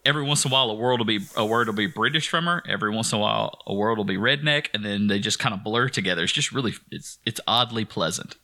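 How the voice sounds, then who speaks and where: Bright-voiced stammering man co-hosting. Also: on the low side, fast, few pauses, no room sound, studio quality. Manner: stammering, lots of false starts. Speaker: podcast co-host. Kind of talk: casual podcast chat.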